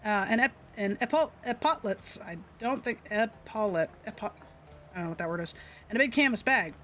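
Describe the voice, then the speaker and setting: A woman's voice: medium pitch, lively intonation, a little fast, fairly bright tone, soft background music. A woman streaming a game live, reading its text aloud and chatting casually, stumbling over words.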